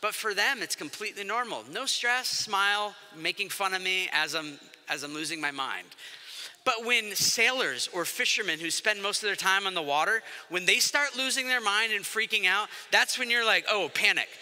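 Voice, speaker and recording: A man's voice: high voice, normal speed, sharp tone. A man preaching a sermon to a congregation, conversational and joking, acting out quotes in different voices. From grew up by the ocean. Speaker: pastor. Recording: long hall reverb.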